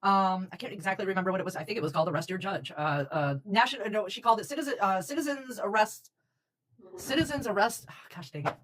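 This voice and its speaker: A woman's voice: medium pitch, fast talker, low-quality recording. A woman co-hosting a casual talk show, frank and chatty, calling people dude. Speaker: podcast co-host. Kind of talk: casual chat.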